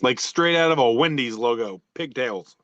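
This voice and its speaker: A man's voice: mid-range voice, lively intonation, moderate pace, a bit bright, dry recording, highs cut off. A man co-hosting a casual podcast, reading out social media posts with a joking, rambling delivery and lots of fillers. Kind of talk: casual chat.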